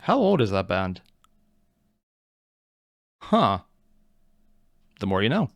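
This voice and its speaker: A man hosting a reaction video, talking casually with lively swearing and laughing asides. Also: lowish voice, slow pace, gravelly, dry recording.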